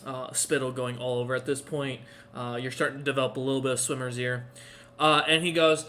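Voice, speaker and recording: A man's voice: mid-range voice, level tone, brisk, bright, forceful tone, slight background noise. A man narrating a tabletop game as dungeon master, casual and filler-heavy.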